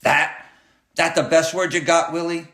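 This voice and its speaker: This bossy clown bus driver, voiced by a man, sneers and barks threats in a menacing way, recorded in an echoey room. The voice is pushed up a little high and slightly bright, with little pitch movement and a measured pace.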